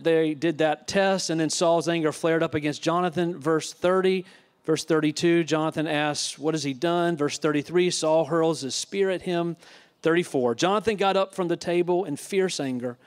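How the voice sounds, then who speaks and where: Man preaching a sermon, slightly high voice. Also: clean tone. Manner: retells scripture with asides. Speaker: pastor.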